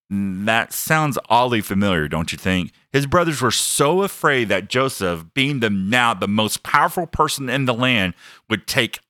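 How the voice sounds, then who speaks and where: Forceful low-voiced preacher, emphatic. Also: male voice, dry recording, clean studio sound. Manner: emphatic, building lists with rising intensity; earnest personal testimony. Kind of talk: sermon.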